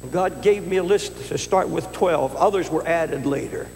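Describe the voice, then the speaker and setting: An older male pastor preaching with earnest, personal storytelling, often stumbling over his words. His voice sits high and has a gravelly edge. It is recorded in a large hall with long reverb and a faint hum underneath. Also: moderate pace, darkish tone. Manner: earnest, personal storytelling with repetitions and stammered restarts. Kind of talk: sermon.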